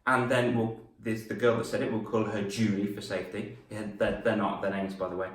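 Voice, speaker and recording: Young male coach, lively storyteller who acts out voices, middle pitch, recorded from a distance with a roomy echo. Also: brisk. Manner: animated, laughs at his own stories, acts out voices. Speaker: confidence coach and former teacher. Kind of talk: storytelling lesson to camera. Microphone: camera mic. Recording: roomy echo, mic set back.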